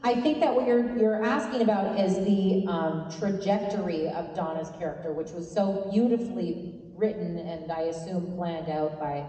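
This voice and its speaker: A woman speaks on a convention panel, thoughtful and grateful, acting out quotes as she answers. Her voice is mellow and dark. The sound is heard from far off, washed in the long echo of a big hall. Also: fairly low pitch, normal speed. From Canada.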